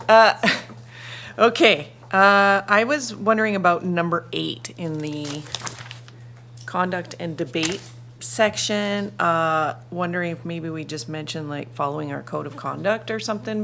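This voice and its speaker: A woman's voice: fairly low pitch, creaky, a bit bright, a little hiss or hum. A woman board director raising a question at a committee meeting, hesitant and chatty with fillers. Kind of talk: meeting discussion.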